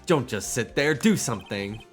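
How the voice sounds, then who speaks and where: A man's voice: mid-range voice, expressive, normal speed, faint music behind, natural voice. A man voicing a cranky elderly female security guard from a video game, scolding and indignant. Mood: crotchety. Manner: scolding, indignant, calls people whippersnapper.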